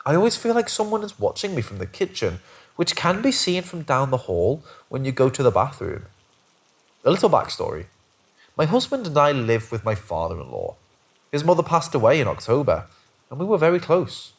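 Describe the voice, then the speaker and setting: A man reads first-person paranormal stories as scripted narration. His pitch sits in the middle and rises and falls a lot. The reading stays steady throughout. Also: normal speed, vocal fry.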